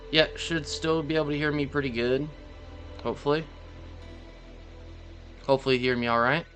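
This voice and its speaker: Guy streaming a shooter, bright sharp voice, swears a lot, rambles at his cat. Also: a little high, fairly even intonation, moderate pace, soft background music. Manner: loose, profane, rambling, talks to his cat between plays. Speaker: gaming streamer. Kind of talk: casual live-stream chat while playing.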